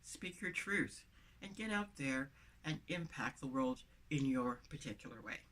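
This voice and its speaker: A woman's voice: extremely low pitch, animated, measured pace, a bit bright, slight background noise. A woman with a lisp, speaking to camera as a motivational vlogger, with emphatic, repeated phrases, recorded inside a van on the camera mic.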